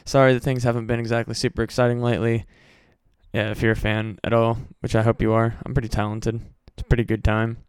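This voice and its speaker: Worn-out podcast host, a man from the Midwest, flat delivery, very clear dry sound, loose and profane. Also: medium pitch, fast, dry recording. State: very tired. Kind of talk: casual solo podcast chat. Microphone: home podcast mic.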